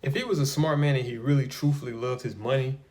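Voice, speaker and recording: A man's voice: medium pitch, fast, a little mellow. Guy in casual banter, mid voice, teasing and emphatic.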